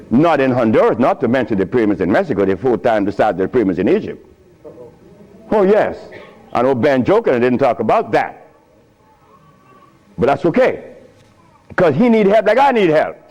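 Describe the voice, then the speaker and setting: A man's voice: fairly high pitch, poor audio. A man giving an informal lecture to an audience, telling stories with loose grammar and frequent chuckles. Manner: animated storytelling with frequent chuckles. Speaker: speaker addressing an audience.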